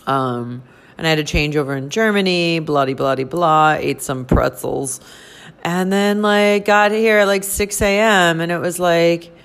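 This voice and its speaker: Woman host, unfiltered profane vent, slightly low voice, tired and laughing. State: tired and overwhelmed. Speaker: podcast host. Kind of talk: casual venting monologue.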